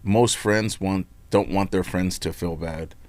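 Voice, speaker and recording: A middle-aged union leader from Nevada, appearing as a podcast guest, talks in a low voice at a measured pace. In this casual interview he is candid and animated, uses blunt words, and often repeats himself.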